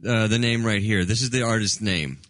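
A man's voice: fairly low pitch, fairly quick, a bit bright, no echo, clean studio sound. A man co-hosting a comedy radio show, joking playfully in casual banter. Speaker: show host.

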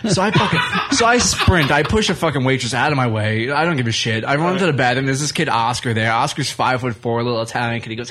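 A man's voice: medium pitch, very fast, a bit bright. A man who wrestles and does comedy, telling crude stories in a casual radio chat and laughing through them. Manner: profane storyteller, laughs through his stories.

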